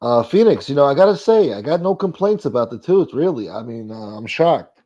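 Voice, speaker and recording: A man's voice: mid-range voice, sing-song, a little fast, dark tone. A middle-aged man hosting a live stream, chatting casually and profanely as he reacts to viewer comments. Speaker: live stream host reading chat. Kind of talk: casual chat. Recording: dull lo-fi audio.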